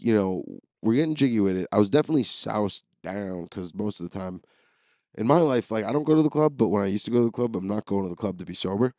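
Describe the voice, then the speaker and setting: Recorded with studio quality and no echo, this man speaks in a somewhat low, gently mellow voice. He hosts a podcast, spinning meandering, foul-mouthed comic stories on his own.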